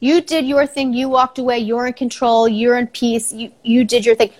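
A woman's voice: on the high side, level tone, moderate pace, a little mellow. A middle-aged woman, a psychologist guest, giving practical advice in a casual podcast chat, joking at times and then turning earnest.

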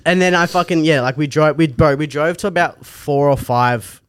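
Young aussie bloke, higher voice, dry close sound, swears a lot telling a wild story. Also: male voice, moderate pace, clear, resonant tone, dry recording. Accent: Australian. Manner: crude, swearing, laughing storyteller. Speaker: podcast co-host. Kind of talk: casual chat, storytelling.

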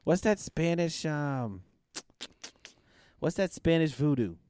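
A man's voice: a little high, expressive, takes it slowly, a little mellow, clear, resonant tone, no room sound, clean studio sound. A man co-hosting a podcast, joking around and laughing often in casual banter. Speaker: podcast co-host.

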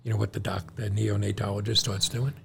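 A man's voice: fairly low pitch, fairly quick, creaky, slight background noise. A middle-aged man, co-host of a podcast, telling his son a long family story and acting out the people in it. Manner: animated storyteller, acts out quoted doctors. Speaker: podcast co-host, John's father.

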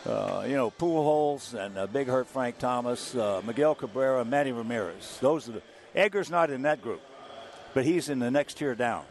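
An older man, a former ballplayer, telling stories as an interview guest in an animated, chuckling way. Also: mid-range voice, moderate pace. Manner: animated storyteller, chuckling through anecdotes. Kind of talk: anecdotal interview storytelling.

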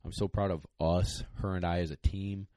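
A man's voice: sits low, moderate pace, no echo. A young man, a dog trainer, casually telling a podcast story in a rambling, emotional way with lots of fillers. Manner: rambling, excited, many fillers.

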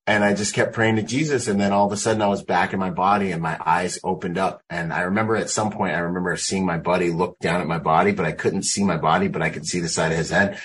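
A man's voice: sits low, fairly even intonation, quick pace, few pauses, a bit bright, slight background noise, low-quality recording. A military veteran, a man, recounting his experiences in loose, casual storytelling full of "like.".

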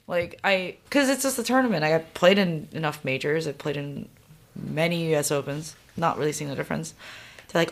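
A young adult woman, a professional golfer, telling lively stories as a podcast guest, loud and animated, laughing often and acting out quotes. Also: low-pitched, fairly quick. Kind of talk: casual interview storytelling.

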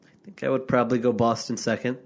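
A man's voice: mid-range voice, flat delivery, fast talker. Sardonic man co-hosting a podcast. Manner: teasing, sardonic banter. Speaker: podcast co-host. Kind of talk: casual sports podcast chat. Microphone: remote call.

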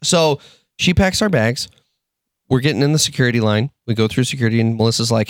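A man from Michigan co-hosting a podcast, telling stories in casual chat, animated and swearing as he acts out quotes. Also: mid-range voice, fast, dry recording, clean studio sound. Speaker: podcast co-host.

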